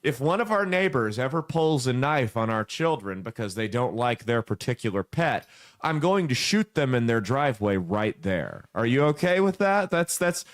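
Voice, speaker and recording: A man's voice: medium pitch, big pitch swings, normal speed. Male podcast host, thirties, brash and crude, mid-range voice, casual loose delivery. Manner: brash, crude joking storyteller.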